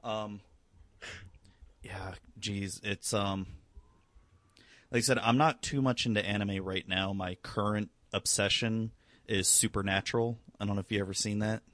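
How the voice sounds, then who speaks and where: Low-voiced young man rambling casually. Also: steady tone, unhurried, a bit bright, dry recording. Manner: rambling, swears freely, many fillers. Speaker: conversation partner. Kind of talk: casual chat.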